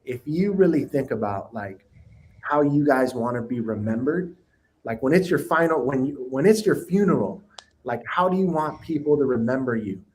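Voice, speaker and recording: A man's voice: mid-range voice, animated, normal speed, darkish tone, poor audio. A man who is a guest on a podcast, giving sincere, reflective advice in a casual way. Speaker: guest, business owner.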